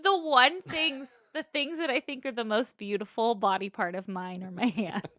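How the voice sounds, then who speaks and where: A young woman co-hosting a podcast, telling stories in a lively, casual way, swearing freely and acting out the scenes. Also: on the high side, moderate pace, no room sound. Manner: animated storyteller, swears freely, acts out scenes. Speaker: podcast co-host. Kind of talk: casual chat.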